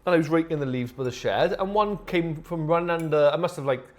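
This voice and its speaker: A man chatting on a podcast, spinning lively anecdotes and swearing freely as he acts out how he reacted. His voice sits a little higher than most men's. He plays out the moments as he tells them. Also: quick pace. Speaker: podcast co-host. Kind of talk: casual chat.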